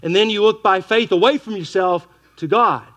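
This is a middle-aged male preacher with a slightly high voice. He delivers his sermon with animation and slips into character for the people in his stories. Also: moderate pace, fairly bright tone.

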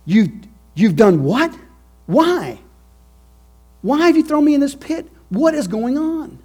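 A man with a husky voice acting out a distraught young man pleading from a pit, crying out high and loud in a sermon. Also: very animated, slow pace, full character voice. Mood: desperate. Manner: cries out in rising alarm.

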